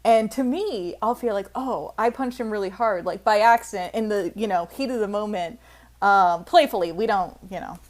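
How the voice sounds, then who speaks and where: A young woman co-hosting a podcast, telling stories in casual chat, animated, laughing often and swearing freely. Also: medium pitch, moderate pace. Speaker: podcast co-host.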